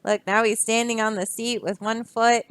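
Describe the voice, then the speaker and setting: A woman teacher reading a picture book aloud to children, expressive and adding little asides to her listeners. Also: a little high, moderate pace, a little hiss or hum.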